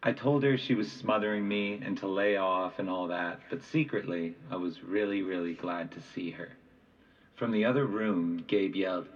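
A man with a low voice reads first-person novel narration in a plain, conversational way. The recording sounds dull and a bit distant from the mic. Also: normal speed. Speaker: audiobook reader.

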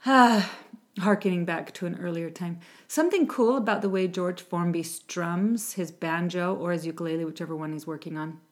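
A woman's voice: on the low side, moderate pace. A woman who sings for a music ministry, talking casually to viewers before a song, chatty and meandering with frequent asides. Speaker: music ministry singer and host.

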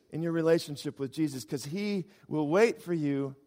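A man preaching a sermon as a pastor, swinging from loud emphasis to quiet, low asides. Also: normal speed, hardly any pauses, long reverb tail.

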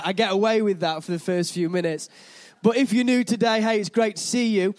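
A young man preaching a sermon to a church congregation, chatty and self-deprecating as he talks to the room. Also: sits high.

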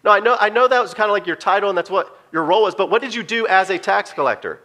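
Jesus, a calm and patient teacher, speaks to his friends in an unhurried, conversational voice, as a male preacher acts him out. The tone is bright and fairly high. He sounds gentle and close. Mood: friendly.

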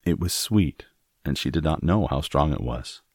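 A man reading a classic novel aloud as an audiobook narrator, in a measured, steady manner. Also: extremely low pitch, husky, no room sound, clean studio sound. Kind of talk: scripted narration.

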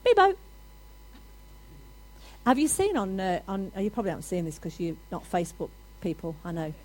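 A woman preaching a sermon to a congregation, animated and building to loud, emphatic declarations. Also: mid-range voice, moderate pace, a little hiss or hum, low-quality recording.

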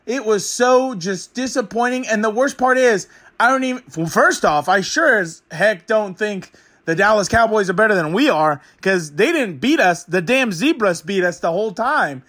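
A man's voice: sits high, expressive, moderate pace, fairly bright tone. A man putting on a fuming young football fan. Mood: indignant. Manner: ranting, exasperated, crude. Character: fired-up young male football fan, ranting. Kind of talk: comic character monologue.

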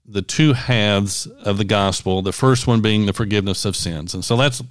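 A man hosting a podcast, explaining scripture in a measured, teaching way. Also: lowish voice, clear, resonant tone, dry recording. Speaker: podcast host, Bible teacher. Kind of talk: casual podcast chat with Bible teaching.

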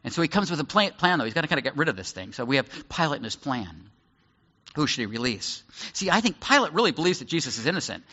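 A man's voice: fairly high pitch, pushed and bright. A man, a pastor, giving a conversational sermon that explains Bible passages and acts out their scenes. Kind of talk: sermon, verse-by-verse Bible teaching. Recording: echoey hall, slightly dull sound.

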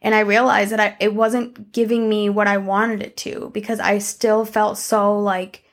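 A young woman talks straight to her viewers in a loose, candid monologue, dotted with "like" and "um" and the occasional curse. Her voice sits at a middle pitch, and a gravelly fry runs through it. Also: level tone, normal speed. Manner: candid and conversational, with frequent "like" and "um" and some swearing. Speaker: vlogger. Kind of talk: casual personal life-update monologue.

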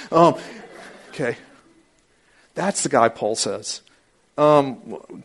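Delivering a sermon, this pastor speaks animatedly and voices the people he quotes, now and then erupting into sudden high-pitched bursts. His pace is a little slow.

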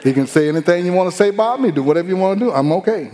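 A middle-aged man preaches in a folksy, joking way and acts out the voices in his stories. His voice sits fairly high for a man. It rings with the long reverb of a large hall. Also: expressive, very fast, mellow. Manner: folksy, humorous storytelling with acted-out quotes. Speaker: pastor. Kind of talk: sermon.

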